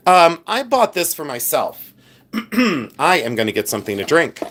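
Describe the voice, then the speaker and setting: A man hosting a casual live stream, chatty and animated, showing his flea market jewelry finds and talking to the chat. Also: a little high, moderate pace. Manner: chatty, animated, many fillers and asides to chat; clears throat often. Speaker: livestream host selling flea market finds.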